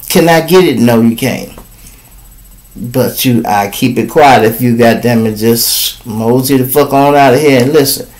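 A man's voice: mid-range voice, poor audio. A man from Chicago hosting a podcast, giving casual, profane commentary and acting out quoted people in raised voices. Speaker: podcast host.

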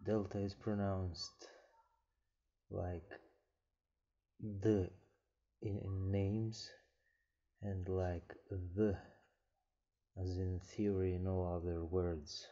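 A man slowly teaching an alphabet letter by letter, pausing and correcting himself as he goes. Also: low-pitched, little pitch movement, mellow. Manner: slow, halting, self-correcting. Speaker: language teacher. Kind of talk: slow letter-by-letter alphabet lesson. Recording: dull lo-fi recording.

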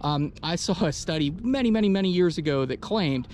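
A man explaining history in a measured, matter-of-fact way during an outdoor walking tour on a hillside, recorded on a body-worn action camera. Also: fairly high pitch, animated, a little mellow, a little hiss or hum. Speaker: battlefield tour guide.

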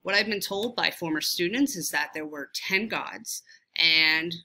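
A woman's voice: fairly low pitch, a little slow, pushed and bright. A woman teacher with a Southern US accent, giving a casual, chatty review lecture and often poking fun at her own pronunciation. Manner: casual, self-deprecating, chatty with fillers.

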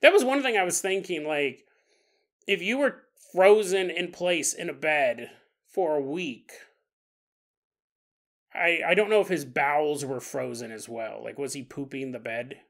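A man's voice: on the high side, a little slow, fairly bright tone. A man hosting a paranormal podcast, retelling a story casually with joking asides and laughter. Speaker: podcast host.

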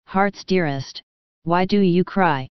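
A woman reading the lines of a kindly middle-aged German professor with a gentle, tender manner and a light German accent. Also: on the low side, slow pace, smooth, no echo. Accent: German accent as put on. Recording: dull, dry studio audio.

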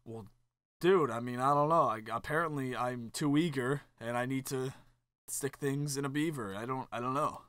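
Bright, goofy man doing gameplay commentary. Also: mid-range voice, clean tone, no room sound. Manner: goofy, jokey, quick swings from loud to mumbled. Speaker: let's play commentator. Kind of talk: joking gameplay commentary, reading game text aloud.

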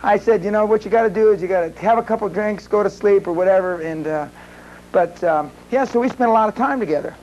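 A man's voice: high-pitched, fast, darkish tone, dull audio, slight background noise. A man speaking at a seminar, telling a long rambling story to a live audience with many restarts and fillers. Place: seminar room.

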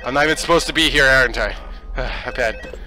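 A man giving let's play commentary, excitable and swearing as he yells at the game. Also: medium pitch, brisk, soft background music, low-quality recording.

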